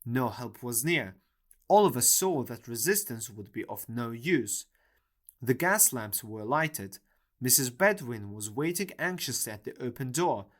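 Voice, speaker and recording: A man narrates a classic novel in a steady, measured storytelling manner. His voice sits at an ordinary male pitch. The reading is an audiobook. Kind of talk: scripted narration.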